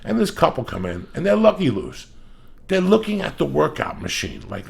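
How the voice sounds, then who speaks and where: A man hosting a podcast, ranting loudly and profanely in comedic style. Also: fairly high pitch, very animated, fairly quick, vocal fry. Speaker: podcast host.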